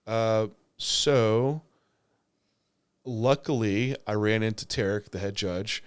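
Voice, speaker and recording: A young man on a podcast, talking in a loose, rambling way, full of fillers and false starts. His voice sits a bit low. He speaks as a bodybuilder looking back on a show. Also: slow pace, clear, resonant tone. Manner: rambling, lots of filler words and restarts. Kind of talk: casual podcast chat.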